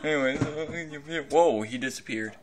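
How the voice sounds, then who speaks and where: A man's voice: on the high side, measured pace. A man giving casual, mocking commentary over a basketball game replay, laughing often. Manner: giggly, mocking, puts on voices for players. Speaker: gameplay commentator. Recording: game crowd noise behind. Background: basketball arena crowd from the game.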